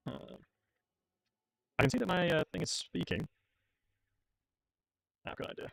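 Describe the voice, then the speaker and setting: A young streamer plays a strategy game tournament match, chatting casually and joking about himself. His slightly high, fairly bright voice is creaky and very animated, yet he keeps a measured pace and pauses often.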